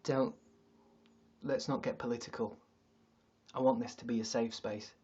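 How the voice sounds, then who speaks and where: A man's voice: mid-range voice, steady tone, moderate pace, mellow, husky, lo-fi sound. A man hosting a comedic livestream, rambling, joking and swearing freely. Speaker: livestream host. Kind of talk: casual comedic livestream chat.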